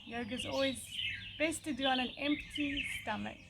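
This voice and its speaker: Calm high-voiced woman guiding yoga breathing. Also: gravelly. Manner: calm, slow, soothing guidance with pauses. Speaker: yoga teacher. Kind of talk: guided yoga breathing instruction. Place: outdoors by a country lane. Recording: outdoor noise with birdsong. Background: birdsong.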